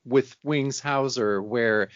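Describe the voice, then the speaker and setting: A man's voice: mid-range voice, slow, no echo. Man, podcast co-host, easygoing, steers the talk, dry, dull audio. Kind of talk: casual movie-review chat.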